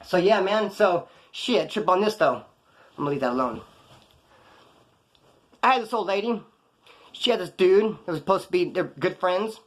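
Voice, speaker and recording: A man's voice: high voice, animated, normal speed, long pauses. A man telling rambling prison and street stories in casual, profane slang. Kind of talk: casual storytelling to camera.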